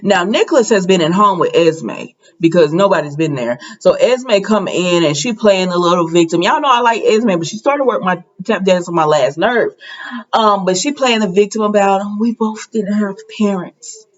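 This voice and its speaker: A chatty woman talks through a soap opera episode, jumping into the characters' lines with a higher voice. The sound is slightly dull and lo-fi. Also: lively intonation, normal speed. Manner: chatty, acts out characters' lines with raised pitch. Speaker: soap opera recap host. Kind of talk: casual episode recap.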